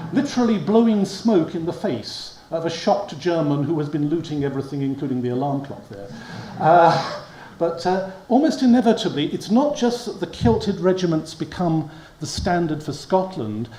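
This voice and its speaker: A man's voice: on the high side, warm tone. A man giving a history lecture to an audience, wry and prone to chuckling at his own asides. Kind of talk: public lecture. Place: lecture hall. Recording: echoey hall with faint hum.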